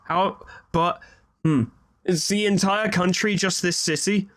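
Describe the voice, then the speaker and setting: A man's voice: high-pitched, steady tone, a little slow, fairly bright tone, no room sound, clean studio sound. A man giving casual, joking and sarcastic commentary while playing a video game. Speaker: let's play host. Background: game music.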